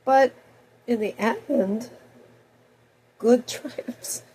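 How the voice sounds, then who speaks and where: A woman in her fifties with a cold, talking in a rambling personal monologue that swings between loud outbursts and soft mutters. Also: a little high, very slow, long pauses, a little hiss or hum, rough recording. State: has a cold. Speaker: video blogger.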